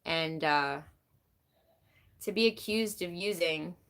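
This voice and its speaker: A woman's voice: lowish voice, slow, a bit bright. Candid rambling woman live streamer. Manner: candid, rambling, heavy use of "like"; reads and answers chat comments. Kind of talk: casual live-stream talk.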